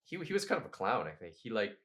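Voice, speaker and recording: A man, a podcast guest who tells history as animated, slangy stories and laughs often. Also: on the low side, fast talker. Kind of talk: casual podcast conversation.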